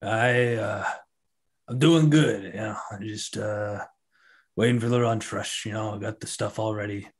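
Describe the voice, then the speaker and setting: A man voicing a large, easygoing ogre cook who talks slowly and lazily. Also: on the low side, steady tone, husky. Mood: relaxed.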